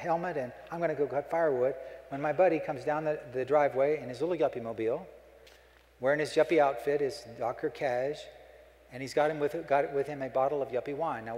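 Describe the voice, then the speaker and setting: A man's voice: medium pitch, a little mellow. Folksy joking man in an echoey hall. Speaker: keynote speaker. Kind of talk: humorous keynote speech. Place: conference hall.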